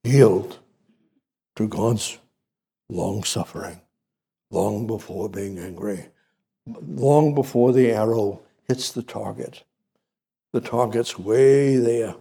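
A man delivers a sermon in a slow, deliberate cadence, leaning on repetition. His voice is dark and gravelly with a husky edge. He jumps up in pitch on key phrases. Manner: repetitive, emphatic preaching with sudden pitch rises. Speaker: preacher.

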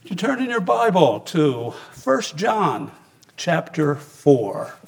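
A man preaching a sermon in a slow, earnest way, leaning on single words for emphasis. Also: a little high, big pitch swings, creaky. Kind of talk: sermon with sung verse.

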